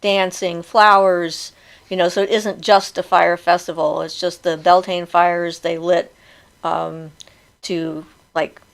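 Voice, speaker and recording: Woman, middle-aged, low voice, gravelly, chatty, laughs often, live chat host. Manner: chatty, laughs often, reads comments aloud. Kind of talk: casual live chat, reading viewer comments.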